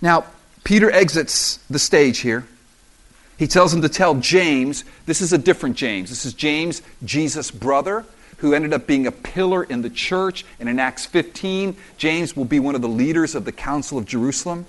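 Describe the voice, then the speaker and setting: A man preaching a sermon as pastor, animated and acting out the voices of the story. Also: fairly high pitch, normal speed. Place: church in South Florida.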